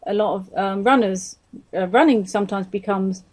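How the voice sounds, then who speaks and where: A woman's voice: medium pitch, moderate pace, crowd noise. A woman, chatting agreeably as a guest in an interview. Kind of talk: conversational interview.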